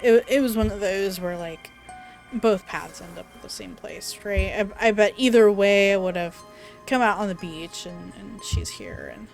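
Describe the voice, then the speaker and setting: A woman's voice: medium pitch, lively intonation, moderate pace, vocal fry, soft background music. A woman playing a visual novel, reading the story aloud with dramatic narration and dropping into casual asides. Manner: dramatic read-aloud broken by chatty asides and laughs. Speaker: let's play player.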